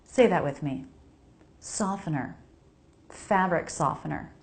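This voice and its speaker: A woman's voice: fairly low pitch, animated, measured pace. An American woman giving an English pronunciation lesson, carefully modeling each sound and repeating words for viewers to say along. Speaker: pronunciation teacher. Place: home laundry area.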